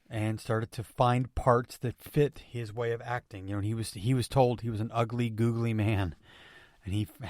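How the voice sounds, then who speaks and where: A man hosting a motivational podcast, speaking with energetic emphasis and returning to catchphrases again and again. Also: medium pitch, dry recording, studio quality. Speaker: podcast host.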